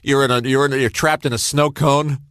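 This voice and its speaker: A man hosting a podcast, asking chatty, halting questions and laughing easily. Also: mid-range voice, steady tone, fairly bright tone, smooth, dry recording. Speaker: podcast host. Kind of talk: casual interview.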